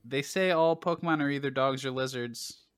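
A man hosting a casual gaming podcast, relaxed and joking, with lots of fillers. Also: medium pitch, moderate pace, clean tone, dry recording, studio quality. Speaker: podcast host.

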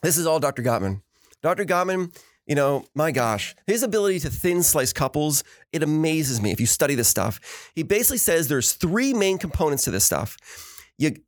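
A man's voice: on the high side, normal speed, dry recording, clean studio sound. A middle-aged man in casual chat who tells stories with energy and acts out what others said. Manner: animated storyteller acting out quotes. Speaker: podcast co-host.

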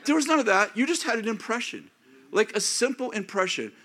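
A man of fifty or older preaching a sermon as pastor, acting out prayers and inner thoughts in an animated way. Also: very high voice, brisk, slight background noise. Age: 50s or older.

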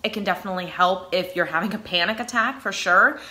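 Bright-voiced New England woman giving advice. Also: mid-range voice, fast. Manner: conversational, earnest, frequent "you know" fillers. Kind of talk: casual advice talk on anxiety.

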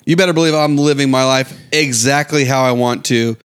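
A man's voice: medium pitch, brisk, clean tone. A man bantering in a joking, laid-back way in casual podcast chat.

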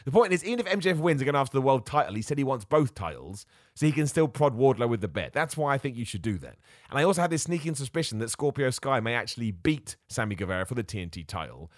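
A man hosting a solo wrestling podcast, talking in an excitable, self-mocking way and jumping between ideas. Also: medium pitch, quick pace, no room sound, studio quality. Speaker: podcast host.

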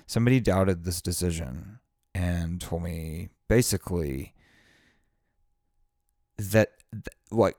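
A man's voice: deep voice, slow, pauses often, warm tone, no echo, studio quality. A man giving a blunt, profane, fired-up motivational monologue.

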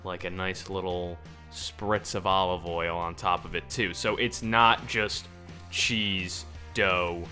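A man's voice: low voice, fairly even intonation, slow, sharp tone, faint music behind. A man hosting a casual podcast chat, easygoing and rambling as he defends his opinions. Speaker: podcast host.

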